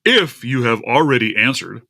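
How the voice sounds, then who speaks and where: A gravelly man chats on a casual live stream, his pitch bouncing up and down as he talks. His tone is bright and forward. He grumbles at his computer and talks to viewers as he goes. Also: animated, moderate pace. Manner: chatty, grumbling at tech trouble, talks to his cat. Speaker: livestream host.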